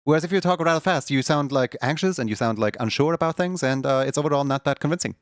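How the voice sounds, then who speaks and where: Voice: medium pitch, expressive, fast, dry recording, clean studio sound. A streamer in casual chat with viewers, rambling and laughing often.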